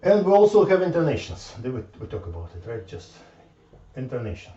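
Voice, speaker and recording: A man giving an informal math lecture, halting and repeating words as he thinks aloud at the board. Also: mid-range voice, huge pitch swings, dark tone. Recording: echoey room from far off, dull lo-fi sound.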